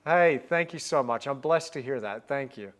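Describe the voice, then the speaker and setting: A man's voice: mid-range voice, animated, moderate pace, fairly bright tone. A man in his forties hosting a livestream, painting while chatting upbeat and answering viewer comments.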